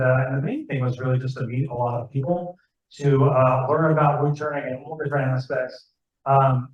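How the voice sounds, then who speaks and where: A man giving a rambling, chatty talk to a club audience, asking the room questions as he goes. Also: medium pitch. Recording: far-off, echoey, muffled room recording.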